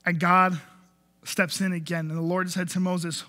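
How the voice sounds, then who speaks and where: A man's voice: high voice, flat delivery, normal speed, pushed and bright, big-room sound. A man preaching a sermon as pastor, telling the story with animation and briefly acting out the voices of the people in it. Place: church.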